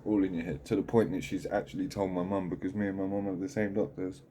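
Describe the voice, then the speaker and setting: Man, low mellow voice, rough-spoken candid diary-vlogger. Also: little pitch movement, slight background noise. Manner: halting, heavy swearing, raw and candid. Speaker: channel host. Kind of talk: candid mental health video diary.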